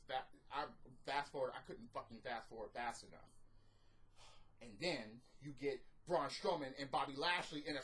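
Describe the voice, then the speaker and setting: A man's voice: mid-range voice, sharp tone, poor audio. A man giving an exasperated, profanity-heavy recap and review of a wrestling show, ranting as he goes.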